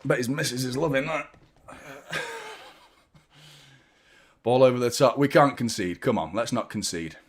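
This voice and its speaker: Excitable football fan. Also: male voice, mid-range voice, measured pace, pauses often. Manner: excitable, swearing, chanting along. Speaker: fan channel host. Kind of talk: live football watchalong commentary.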